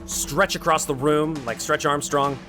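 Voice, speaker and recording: A man narrating a tabletop game as dungeon master in a lively, animated way. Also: a little high, a little slow, over music.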